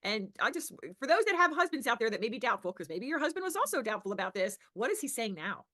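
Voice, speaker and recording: A woman's voice: a little high, very animated, fast talker, bright, forceful tone. A woman business coach hosting an interview. She asks encouraging, leading questions of her client.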